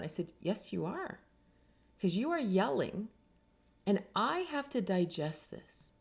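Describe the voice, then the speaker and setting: A woman's voice: fairly low pitch, very animated, unhurried, vocal fry, pauses often, darkish tone. A middle-aged woman from Canada, an author giving an earnest, reflective talk and briefly acting out the people she quotes. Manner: earnest, acts out quoted voices. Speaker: author and speaker.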